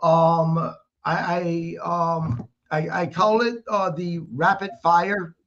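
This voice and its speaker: A man hosting a wrestling podcast, asking interview questions with halting, stammering restarts. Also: a little high, steady tone, fairly bright tone. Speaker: podcast host. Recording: slightly dull lo-fi audio.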